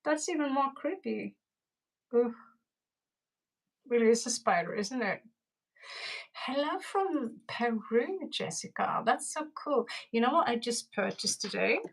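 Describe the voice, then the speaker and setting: A woman's voice: fairly high pitch, animated, unhurried, gravelly, rough recording. A woman doing a casual, rambling live-stream tarot reading, chatting with viewers and greeting them in Spanish. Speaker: tarot reader.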